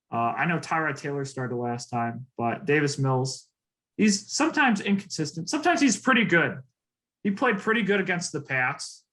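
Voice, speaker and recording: A man's voice: medium pitch, pushed and bright, rough recording. Casual male co-host, mid-range voice, loose filler-heavy delivery. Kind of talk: casual sports picks chat.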